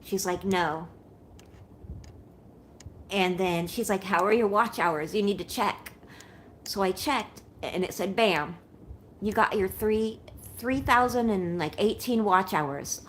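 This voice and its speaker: A woman's voice: medium pitch, slow pace, pauses often, fairly bright tone, a little hiss or hum. A woman in her forties chatting casually with viewers on a livestream, shaky and unwell, talking in an emotional, rambling way and thanking them often. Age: 40s.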